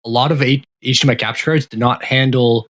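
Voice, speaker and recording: A man's voice: mid-range voice, fast. Matter-of-fact man explaining tech. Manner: explains technical details at length, even and matter-of-fact. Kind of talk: casual tech podcast chat.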